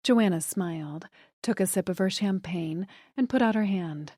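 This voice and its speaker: A woman narrating an audiobook in a soft, hushed delivery. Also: fairly low pitch, moderate pace, no echo, clean studio sound. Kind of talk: scripted narration.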